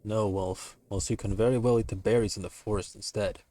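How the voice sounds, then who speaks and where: A man's voice: fairly low pitch, fairly quick, close to an everyday voice. A man doing a firm, stern shepherd. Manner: firm, flat refusals. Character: stern, patient male shepherd guarding his lambs. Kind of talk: playful dramatic reading of a comic.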